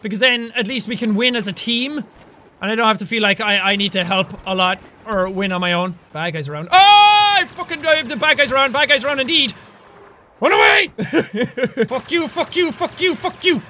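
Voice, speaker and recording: Young male gamer, very high bright voice, excitable, swears a lot, yells at his foes. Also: normal speed, slight background noise. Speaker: gaming channel host. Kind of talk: gameplay commentary.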